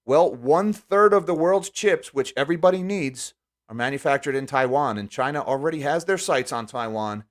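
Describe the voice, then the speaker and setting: A man's voice: medium pitch, animated, moderate pace. Man, live-stream host, casual commentary, sarcastic asides. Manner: sarcastic, reads and thanks viewer super chats.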